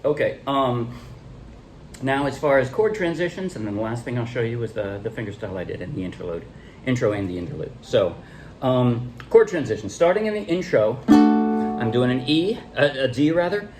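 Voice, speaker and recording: Faint music plays behind a man of medium pitch who loosely teaches a ukulele song. In this casual tutorial he's relaxed, stops and restarts, counts beats, calls out the strums and demonstrates the chord changes.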